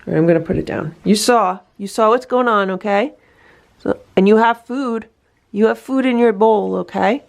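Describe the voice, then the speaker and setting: A woman's voice: mid-range voice, normal speed, gravelly. A woman filming a casual vlog at home, talking soothingly to a rescued cat and explaining her care in a coaxing, sing-song way.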